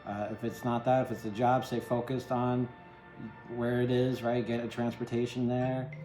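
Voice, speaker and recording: A man talks through a tarot reading in an easy, rambling way, often checking in with the listener. His voice sits at a middle pitch and sounds roomy, with faint music underneath. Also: level tone, moderate pace, warm tone. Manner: chatty, empathetic, rambling with many "right?" tags. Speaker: tarot reader.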